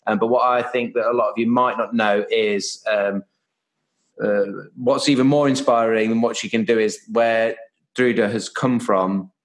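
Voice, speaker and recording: A man's voice: lowish voice, steady tone, normal speed, low-quality recording. A man hosting a fitness podcast, chatty and playful, with frequent um fillers. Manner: jokey, laughs often, many um fillers. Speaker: podcast host. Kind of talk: casual podcast chat.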